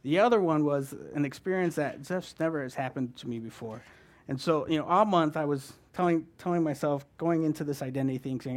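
A man preaching a conversational sermon, talking fast and often checking in with his listeners. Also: fairly high pitch. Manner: fast-talking, keeps asking "right?". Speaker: guest preacher.

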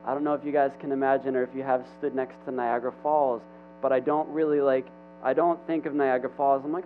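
A man's voice: mid-range voice, level tone. Young male youth speaker, informal sermon, rambling restarts; thin phone-like sound. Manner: chatty, halting, with many restarts and asides. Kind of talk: casual sermon. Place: church hall with an audience. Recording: tinny phone-like recording with hum.

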